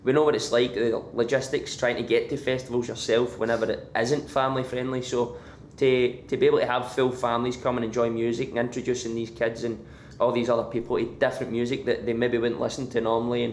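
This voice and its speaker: Scottish male guest musician, hesitant and chatty, monotone, echoey remote line. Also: mid-range voice, a little hiss or hum. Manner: halting, many fillers and restarts. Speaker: band member, guest. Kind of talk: casual interview. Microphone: remote line from abroad.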